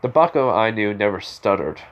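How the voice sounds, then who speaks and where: A man voicing a calm, blunt teenage boy hero in a spoken fan story, talking in a steady, challenging way close to his own voice. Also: on the low side, fairly quick. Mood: taunting.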